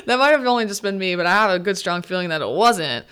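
A woman's voice: expressive, a bit bright, clear, resonant tone. Chatty woman hosting a podcast recap. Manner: chatty, lots of filler "like", quick asides; acts out characters' lines with pitch swings. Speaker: podcast host. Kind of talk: casual solo movie recap.

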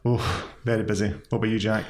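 A man co-hosting a legal podcast, friendly and self-deprecating, measured when he explains. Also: on the low side, level tone. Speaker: podcast co-host, employment lawyer. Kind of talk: casual chat and scripted explaining. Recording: roomy echo.

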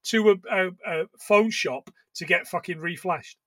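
A man co-hosting a podcast in a high, bright voice. He recaps a film with a lot of swearing and jokey asides. The sound is close and dry. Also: a little slow, no room sound. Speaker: podcast co-host. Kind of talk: casual film recap chat.

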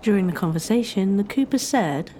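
A woman narrating a historical story in a measured, scripted storytelling style. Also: mid-range voice, expressive, dark tone, a little hiss or hum.

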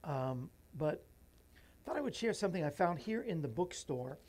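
A man's voice: fairly high pitch, lively intonation, normal speed, darkish tone. A man hosting a morning show from a small bookstore studio, chatting casually and rambling to viewers. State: out of breath. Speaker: host.

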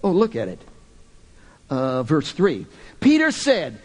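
A man preaching a sermon, driving his points home with rhetorical questions and swinging from loud emphatic bursts to quiet, hushed lines. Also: fairly high pitch, wildly swooping pitch, slow, long pauses.

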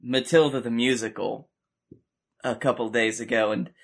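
A man's voice: mid-range voice, fairly even intonation, moderate pace. A man co-hosting a comedy podcast in casual chat, laid-back with lots of hesitant fillers. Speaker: podcast co-host.

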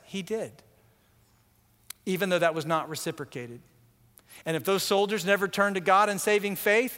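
A man preaching a sermon as pastor, animated, acting out quoted voices and often repeating words as he goes. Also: high-pitched, long reverb tail.

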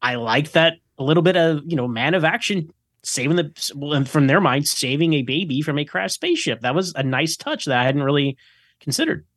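A guest on a podcast in relaxed chat, with a voice pitched a little higher than most men's. He is casual and wry, with a joking aside now and then. The sound is dry and close to the mic. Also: fairly quick, no echo.

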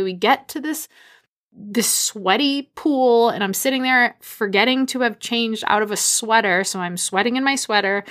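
A woman in her thirties, from the Boston area, telling a personal story in a lively, animated way. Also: on the high side. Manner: animated, acts out quoted dialogue.

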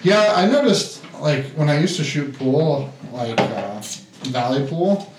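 A man on a podcast, chatting casually and explaining a game's rules in a relaxed way, with some swearing. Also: on the high side, takes it slowly, recorded from a distance, background noise. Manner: laid-back, explains things plainly with casual swearing. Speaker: podcast co-host. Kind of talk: casual chat. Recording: roomy, off-mic sound.

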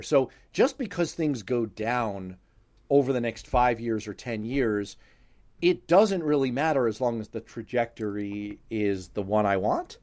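Male radio host, playful and inquisitive, animated pitch, remote video call. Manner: joking, curious questioner. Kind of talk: radio and podcast interview. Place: home office on a video call.

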